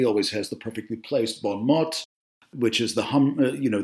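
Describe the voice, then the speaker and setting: A man giving a spoken video essay on film, opinionated and talkative, with frequent fillers and self-corrections. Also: mid-range voice.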